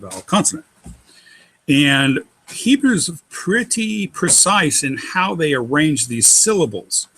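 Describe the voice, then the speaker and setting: A man teaches Hebrew syllable patterns step by step, spelling out letters slowly and carefully. His voice is bright and clear, at an ordinary middle pitch. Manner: patient, methodical, spells out letters.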